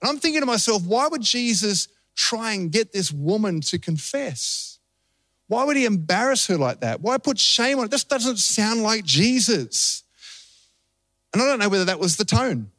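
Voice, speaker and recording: A man's voice: sits high, a little slow, dry recording. A man with an Australian accent, a pastor preaching a sermon and telling a story with acted-out voices. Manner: animated storytelling, acting out voices.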